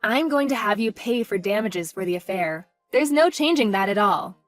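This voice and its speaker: In a voiced story drama, a woman with a medium-pitched, near-everyday voice and lively intonation plays a scornful wife confronting her cheating husband. She speaks at a moderate pace, coldly and mockingly, with cutting words, over soft background music.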